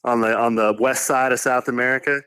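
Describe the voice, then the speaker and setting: A man's voice: mid-range voice, little pitch movement, brisk, sharp tone, clear, resonant tone, dry recording. A man from Texas co-hosting a podcast while calling in, chatting in an easygoing, joking way. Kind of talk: casual chat.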